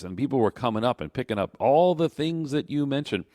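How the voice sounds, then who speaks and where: A man hosting a radio interview, asking questions in an animated way and often repeating words. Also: medium pitch, a little fast, dry recording, studio quality. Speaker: radio show host. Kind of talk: conversational interview.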